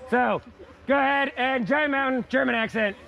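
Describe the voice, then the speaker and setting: A male science teacher giving a playful, energetic hands-on lesson outdoors in the snow, repeating key words. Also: very high voice, moderate pace, lo-fi sound.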